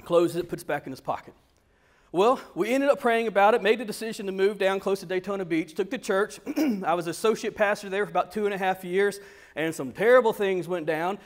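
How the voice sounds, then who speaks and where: A man preaching with a notably high voice, telling a story in an animated, conversational way. He speaks to a congregation like a pastor chatting with friends. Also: fairly quick. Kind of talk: storytelling sermon.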